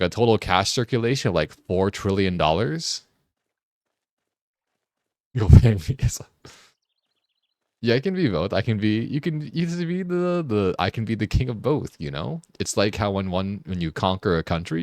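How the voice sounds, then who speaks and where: A man streaming a game, chatting casually, joking and laughing often, and getting excited as he rambles. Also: lowish voice, no room sound, clean studio sound. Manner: gets excited and rambling when riffing. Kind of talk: casual live-stream chat while gaming.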